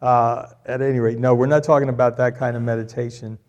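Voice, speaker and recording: A man's voice: mid-range voice, little pitch movement, fairly quick, darkish tone, muffled recording. A middle-aged man preaching a sermon, repeating key lines for emphasis and joking with the congregation. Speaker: pastor.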